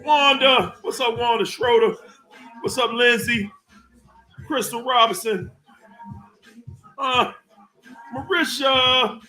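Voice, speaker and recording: A man's voice: very high-pitched, steady tone, takes it slowly, pauses often, bright, forceful tone, soft background music. A man hosting a livestream who greets viewers by name, hyped and whooping now and then. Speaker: livestream host. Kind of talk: live chat shout-outs.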